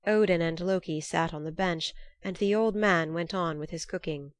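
A woman narrating a storybook in a steady, measured reading. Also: lowish voice, no echo, studio quality.

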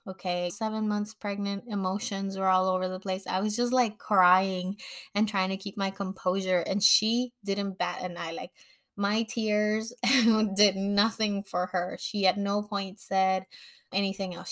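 A young woman recounting a personal story in casual, animated podcast talk. She acts out the voices of the people she quotes, with bursts of laughter. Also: medium pitch. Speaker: podcast host.

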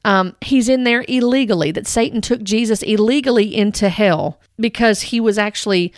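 A woman's voice: medium pitch, moderate pace, dry recording, studio quality. A woman giving earnest commentary on a religious teaching, reading quotes aloud and rebutting them point by point. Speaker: Christian commentator.

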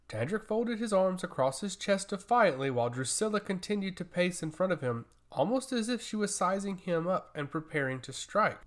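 A man's voice: high-pitched, big pitch swings, moderate pace, hardly any pauses. A man reading a fantasy story aloud as the narrator, in a dramatic storytelling manner.

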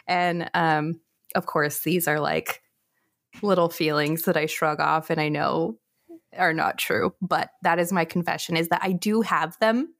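A woman's voice: sits low, steady tone, a little slow, fairly bright tone. A woman and mother talking candidly on a casual podcast, with many fillers and restarts as she confesses her worries.

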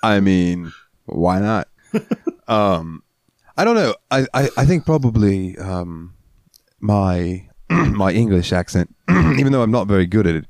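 A man's voice: fairly low pitch, big pitch swings, measured pace, creaky, darkish tone, dry recording, studio quality. A man co-hosting a podcast, chatting casually in a rambling, crude, laughing way. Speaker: podcast co-host. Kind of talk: casual chat.

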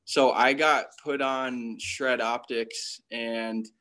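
Speaking slowly with fairly even intonation, a young man sits for a casual interview about his freeskiing career. His mid-range voice has a sharp tone. He's a professional freeskier from Connecticut, USA, whose stories run on easygoing slang and nonstop "like" fillers.

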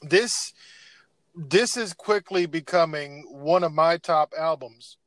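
Earnest man, somewhat high voice. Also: slow, a bit bright, dry recording. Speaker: podcast co-host. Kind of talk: casual chat about records.

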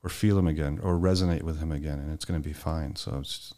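This very low-voiced man speaks fast and frankly, cursing as he pleases while recounting his own stories in a laid-back conversation. He acts out what the other people in those stories said.

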